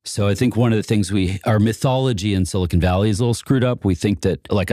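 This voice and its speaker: A man's voice: fairly low pitch, darkish tone, no room sound, studio quality. A man being interviewed as an inventor and investor, telling stories casually and laughing often between phrases. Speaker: inventor and venture capitalist guest.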